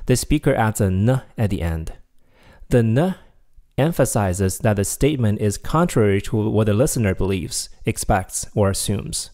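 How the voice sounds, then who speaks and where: A man teaching a recorded video language lesson, slowing down to model example sentences clearly. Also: lowish voice, dark tone.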